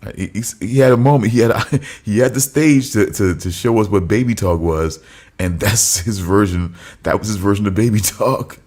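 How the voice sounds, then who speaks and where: A man's voice: lowish voice, normal speed, darkish tone. A man co-hosting a casual podcast chat, thinking aloud and circling back through restarts as he works out his point. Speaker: podcast co-host.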